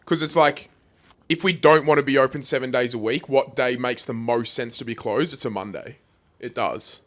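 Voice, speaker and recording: Aussie bloke co-hosting a podcast, swears a lot, loose chatty banter. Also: male voice, mid-range voice, normal speed. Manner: swears freely, lively and matey. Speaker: podcast co-host. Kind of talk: casual chat.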